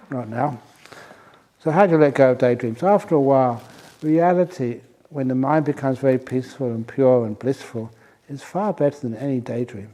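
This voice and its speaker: A man's voice: mid-range voice, mellow. A man who is a Buddhist monk, telling a playful story and answering questions at a retreat, often laughing at his own jokes. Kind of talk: storytelling Dhamma talk and Q&A.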